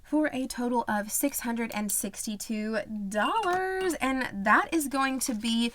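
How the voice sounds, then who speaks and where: Bubbly, chatty woman with a fairly high voice. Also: animated, a little slow, fairly bright tone, no echo. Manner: upbeat and chatty, repeating words for emphasis; laughs often. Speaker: budgeting channel host. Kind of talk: casual chat to camera.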